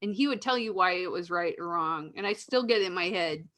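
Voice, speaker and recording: A woman's voice: lowish voice, brisk, fairly bright tone. A woman hosting a casual online interview, chatty and enthusiastic, laughing often. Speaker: host.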